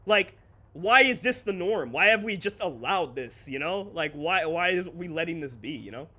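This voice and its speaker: A male streamer with a high, bright, sharp-edged voice chats loosely with his live audience. He rants candidly and swears freely, breaking into quick laughs between his points. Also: lively intonation. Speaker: streamer and content creator. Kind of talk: casual livestream chat.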